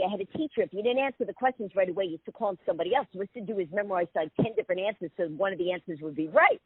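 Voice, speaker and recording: A woman guest spins a quick, comic anecdote and voices each person she quotes. Her pitch jumps around a lot and her voice is a little husky. The sound is thin and phone-like, and the room is dry. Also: dry recording. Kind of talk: storytelling interview. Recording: tinny phone-line sound.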